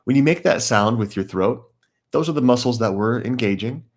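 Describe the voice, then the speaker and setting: A man teaching a live guided meditation class, calmly explaining breathing techniques and greeting viewers by name. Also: medium pitch, moderate pace.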